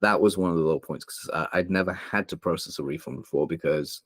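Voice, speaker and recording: A young man from England, a guest on a podcast, talks candidly about hard times in his life. His voice sits very low, and the close, dry recording keeps every word near. He rambles a little, with fillers and restarts. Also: fast talker, fairly bright tone, dry recording. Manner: open, emotional, rambling with many fillers. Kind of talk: candid interview storytelling.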